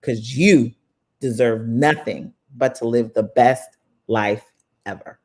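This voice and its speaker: A woman's voice: a bass voice, slow, darkish tone. A woman hosting a live online summit in casual, motivational chat. She sounds affectionate and upbeat, calling listeners "baby" and "y'all". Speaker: summit host.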